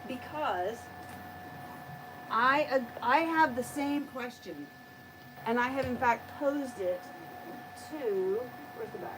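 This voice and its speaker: A middle-aged American woman with a slight Southern accent talks on a casual live stream, thinking aloud as she works. Her voice sits a little high. A faint hum carries underneath from her home workshop. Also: slow, long pauses. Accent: light American Southern. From United States. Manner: chatty, thanks viewers and thinks aloud. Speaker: 3D printing streamer.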